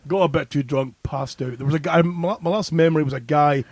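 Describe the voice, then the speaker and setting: Animated, sweary male storyteller. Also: fairly high pitch, a little fast, no room sound. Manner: animated storyteller, swears, acts out his own reactions. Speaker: podcast co-host. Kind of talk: casual chat, anecdotes.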